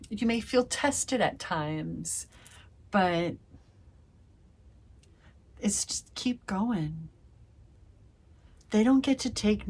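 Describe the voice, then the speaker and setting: A woman giving a casual tarot reading to her viewers, gushing and effusive, calling them fam and swearing playfully. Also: mid-range voice. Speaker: tarot reader.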